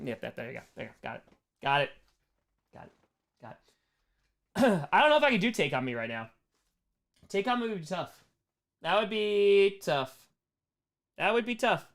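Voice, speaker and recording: Hoarse, animated man streaming. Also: high voice, normal speed, long pauses. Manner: animated, reads chat aloud, self-mocking jokes. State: hoarse, strained voice. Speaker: streamer answering viewer questions. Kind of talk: casual livestream Q&A.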